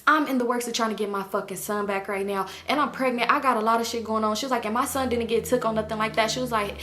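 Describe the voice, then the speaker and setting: A young woman tells a messy storytime to her viewers in a bright, fairly high voice. She acts out everyone's lines, swearing freely as she goes. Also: fast talker. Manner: animated retelling with quoted voices and swearing. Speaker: storytime vlogger. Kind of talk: casual storytime.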